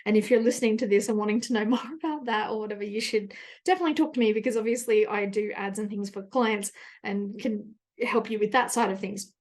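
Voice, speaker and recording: A woman's voice: mid-range voice, steady tone, fast talker, darkish tone. An Australian woman hosting her own podcast, talking through a personal story. She rambles and drifts into tangents, acting out her own thoughts as she goes. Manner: chatty, rambling with tangents and self-quotes. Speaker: podcast host.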